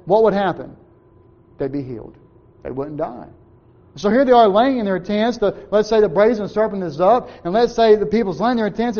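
A man's voice: high-pitched, a little mellow, lo-fi sound. A man preaching a sermon, asking his listeners questions and answering them himself, and briefly acting out the words of the people in his story. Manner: asks the congregation questions and answers them, acts out short quotes.

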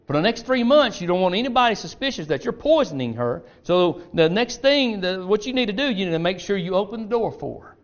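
A man's voice: sits high, very animated, fairly quick, few pauses, pitched above the performer's own voice. A man playing a scheming, confident father who gives instructions in a coaxing, confiding way, on a dull lo-fi recording. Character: scheming middle-aged father, sly and confident.

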